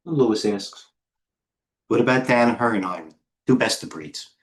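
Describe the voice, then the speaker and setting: On a live trading stream, a middle-aged man who works as head trader and market coach comments on stocks in a lowish voice at a moderate pace. His talk is blunt and meandering, and he frequently breaks off mid-sentence.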